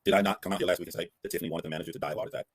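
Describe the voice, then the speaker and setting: Deep gravelly man, rapid and confrontational. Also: fairly even intonation, no echo. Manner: confrontational, profane, mocking. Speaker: commentary host. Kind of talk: reaction commentary.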